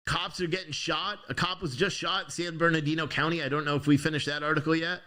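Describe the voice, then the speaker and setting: Fired-up young guy ranting on his news show, kinda high voice, cusses a lot. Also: fairly even intonation, fast, bright, forceful tone. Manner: heated, swearing, ranting with restarts. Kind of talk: angry political commentary.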